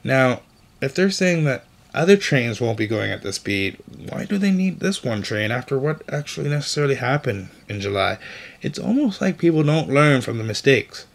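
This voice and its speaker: A man's voice: mid-range voice, big pitch swings, normal speed, creaky. A man hosting an opinionated news commentary show, delivering stories with indignant, sarcastic asides.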